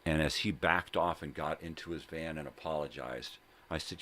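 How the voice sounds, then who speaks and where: An older man with a very low, rumbling voice hosts his own casual vlog. He tells a personal story in a loose, rambling way, swearing often and checking in with "right?" and "you know?" as he goes. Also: a little fast, hardly any pauses, fairly bright tone, a little hiss or hum. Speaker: vlog host. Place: at home.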